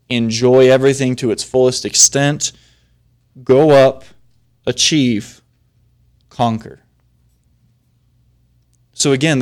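A man's voice: medium pitch, darkish tone. Conversational man preaching a sermon. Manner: conversational preaching, rising to emphatic stress. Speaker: pastor.

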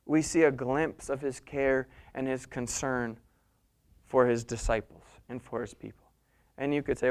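A man preaching a sermon, telling the story with animated swings between soft, intimate passages and loud, urgent ones. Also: medium pitch, measured pace, clean tone. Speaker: pastor.

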